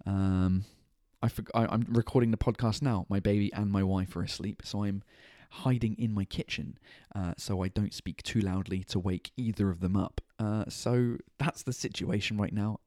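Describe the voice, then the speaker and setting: A man's voice: fairly low pitch, a little mellow, no echo, clean studio sound. A tired man, hosting his own podcast and livestream from his kitchen, rambling casually and swearing freely. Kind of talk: casual chat. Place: home kitchen at night.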